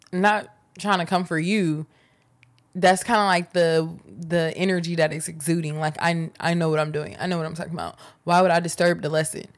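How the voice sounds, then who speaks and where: A young adult woman co-hosting a casual chat, candid and conversational. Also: fairly low pitch. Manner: candid, conversational, laughs often. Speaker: co-host.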